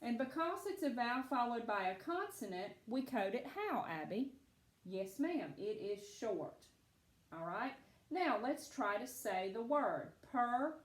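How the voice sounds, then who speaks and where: A woman's voice: fairly high pitch, very animated, roomy sound. A woman teaching a phonics lesson to children, patiently and encouragingly. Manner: slow, patient, encouraging, answers for absent pupils.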